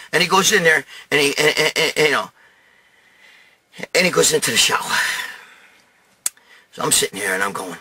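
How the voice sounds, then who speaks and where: A man telling a crude story in a raspy voice, swearing constantly and acting out the other people's lines. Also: medium pitch, fairly quick, long pauses. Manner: animated, swears constantly, shouts and mimics others. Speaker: show host telling a story. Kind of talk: profane storytelling monologue.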